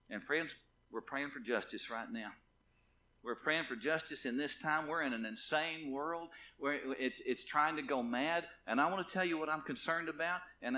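A man's voice: a little high, bright, forceful tone. A male pastor preaching a fervent sermon in a church, driving his points home with insistent repetition. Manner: impassioned, repetitive preaching with rising and falling intensity. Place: church sanctuary.

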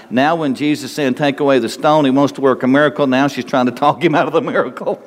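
A man preaching a conversational sermon in a folksy way, chuckling and asking his listeners rhetorical questions. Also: mid-range voice. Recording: long hall reverb.

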